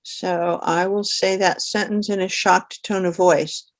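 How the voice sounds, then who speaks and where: Low-voiced woman training volunteer tutors. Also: steady tone, a little slow. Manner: conversational, practical explaining with fillers. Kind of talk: instructional presentation.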